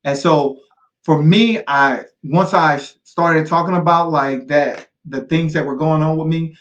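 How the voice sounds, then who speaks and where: Middle-aged male guest, earnest and repetitive for emphasis, higher-pitched, mildly dull recording. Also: fairly even intonation, unhurried. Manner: earnest, repeats key phrases, calls the listener "man". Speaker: guest, motivational speaker. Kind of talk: personal storytelling in conversation.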